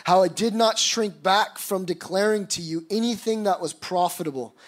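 A high-pitched male pastor delivering a sermon. He reads scripture passages aloud and then preaches on them, building to emphatic, rising stretches. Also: moderate pace.

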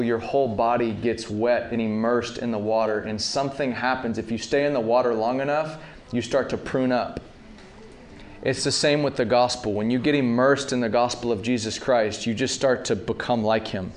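A man in his thirties preaching a sermon, talking casually to the congregation and building to loud, impassioned peaks. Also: mid-range voice. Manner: rising to loud impassioned peaks, calls to the audience.

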